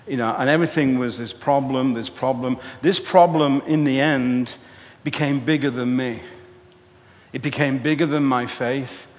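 A man preaching a sermon, telling a personal story with animated, self-mocking humor. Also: mid-range voice, normal speed. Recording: long hall reverb.

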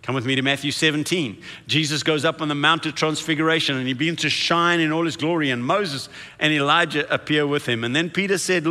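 A man preaching a sermon, telling the story with shifts between hushed and excited delivery. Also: fairly high pitch, fairly quick, hardly any pauses. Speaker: pastor. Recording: echoey hall reverb.

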